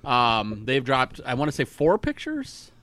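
A man's voice: medium pitch, huge pitch swings, measured pace, a bit bright, dry recording. A man co-hosting a podcast, chatting casually and upbeat about new releases. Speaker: podcast co-host. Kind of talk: casual chat.

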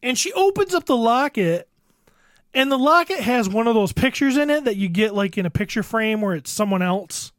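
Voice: mid-range voice, animated, moderate pace, no room sound, clean studio sound. A podcast host telling a profane, exasperated comic rant about a holiday movie. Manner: crude, exasperated storytelling.

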